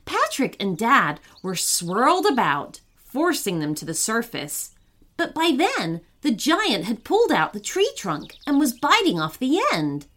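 A woman narrating a children's story in an expressive, unhurried way. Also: a little high.

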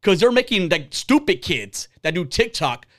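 A man in his forties holds forth on his podcast in a blunt, profane rant. His pitch swings widely as he heats up. He talks casually and heatedly, straight at his co-hosts. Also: sing-song, normal speed, fairly bright tone. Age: 40s. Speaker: podcast host. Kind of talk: casual ranting podcast talk.

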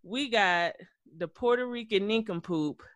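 Bright-voiced man recapping reality TV. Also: sits high, measured pace, dry recording. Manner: animated, gossipy, profane storytelling. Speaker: podcast co-host. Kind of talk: casual reality-TV recap chat.

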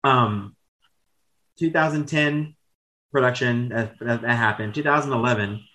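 A man's voice: mid-range voice, unhurried, sharp tone, low-quality recording. A man in his thirties telling candid, rambling stories as a podcast guest, with casual swearing and self-corrections. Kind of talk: casual storytelling chat.

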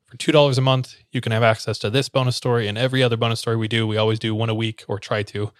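A man's voice: mid-range voice, no room sound, clean studio sound. A man hosting a podcast, casually retelling a story and slipping briefly into the characters' voices. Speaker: podcast host telling a story.

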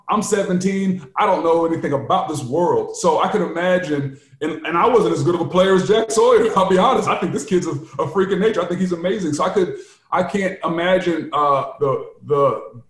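A man in his forties, a sports show host and former football player, telling candid stories in casual sports talk with animated quotes. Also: a little high, roomy sound.

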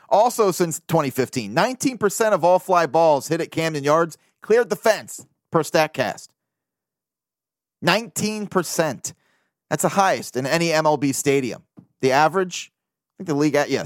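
A man hosting a sports podcast, talking through baseball news in a casual, profane monologue that swings between animated bursts and low mumbled asides. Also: dry recording, clean studio sound. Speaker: podcast host.

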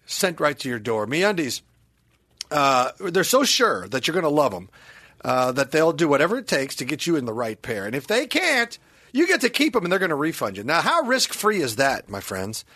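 A man's voice: a little high, wildly swooping pitch, normal speed, dry recording. Playful, jokey male podcast host. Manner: jokey, playful, breaks into mock shouting. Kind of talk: casual banter and ad read.

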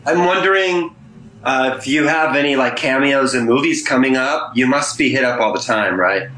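A man calls in as an eager fan and asks his question hesitantly. His voice is bright and forceful. It rings in an echoey room. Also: mid-range voice, normal speed, a little hiss or hum. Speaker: caller. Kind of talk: casual call-in question.

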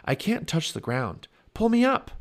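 A man's voice: medium pitch, sing-song, normal speed. A man voicing a nervous, cautious young boy in a storybook reading, speaking anxiously and urgently. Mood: worried.

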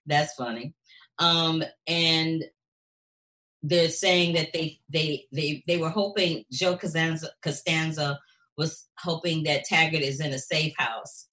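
A woman with a fairly low voice co-hosts a casual chat show. She talks in an animated way and slips into other people's voices as she retells scenes. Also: takes it slowly. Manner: animated, acts out characters' lines. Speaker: show co-host.

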